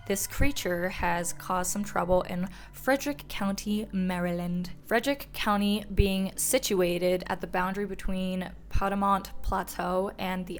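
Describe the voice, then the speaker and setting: A woman's voice: medium pitch, a little hiss or hum, rough recording. A young woman telling folklore on her vlog in a loose, profane, self-mocking way. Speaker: folklore vlogger. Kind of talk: casual storytelling vlog.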